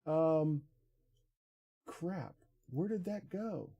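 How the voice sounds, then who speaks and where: A man streaming from home talks into a desk mic in a dark, mellow voice with a gravelly edge. He speaks slowly and mutters to himself, letting phrases trail off as he works through settings. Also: a little high, expressive, highs cut off. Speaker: livestreamer. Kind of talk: casual live-stream chat. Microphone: desk mic on an arm.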